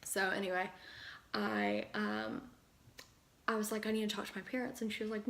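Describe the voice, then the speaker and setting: A young woman vlogger telling a personal story while doing her makeup at home, chatty and excitable, acting out the people she quotes. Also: mid-range voice. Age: young adult. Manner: excited, rapid retelling with quoted dialogue. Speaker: pageant contestant vlogger.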